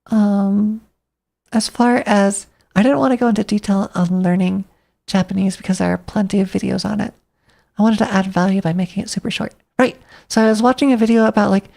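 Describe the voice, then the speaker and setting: Woman streamer, loose rambling chat, gravelly fry in her voice, mid-range pitch. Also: fairly even intonation, moderate pace, mellow. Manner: rambling, thinking aloud, talking to herself.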